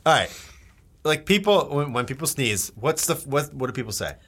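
A man's voice: mid-range voice, sing-song, normal speed, fairly bright tone, husky. A man co-hosting a casual podcast chat, joking around, swearing and laughing often. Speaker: podcast co-host.

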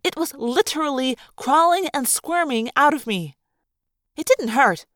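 A woman narrating a novel aloud in first person with expressive storytelling. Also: high-pitched, unhurried, no room sound, studio quality. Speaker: audiobook reader.

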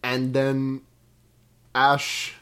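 A woman's voice: rumbling low, completely flat delivery, extremely slow, smooth. A woman co-hosting a podcast, rambling casually and swearing freely while she retells a film plot. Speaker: podcast co-host. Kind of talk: casual chat.

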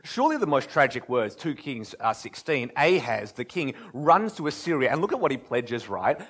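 A man preaching a sermon, moving between loud impassioned pleading and hushed, almost whispered lines. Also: mid-range voice, big pitch swings, normal speed, hardly any pauses, breathy edge. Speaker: pastor.

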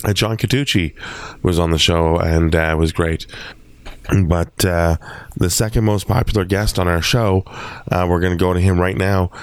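A man's voice: deep voice, fairly even intonation, moderate pace, smooth. A man hosting a podcast, chatting casually and rambling with many fillers and restarts. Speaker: podcast host. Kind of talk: casual chat.

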